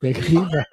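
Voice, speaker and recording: A man co-hosting a casual podcast, loud and teasing, joking with the others. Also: extremely high pitch, breathy edge, dry recording. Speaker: co-host.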